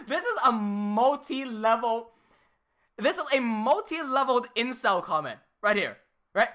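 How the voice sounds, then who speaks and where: A woman hosts a livestream and rants about a rival, cursing freely and breaking into laughter. Her voice is animated, with a wide-swinging pitch. She's a little tipsy and keeps getting more worked up. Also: measured pace. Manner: heated, profane ranting with frequent laughter. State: a bit tipsy from drinking. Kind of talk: livestream rant.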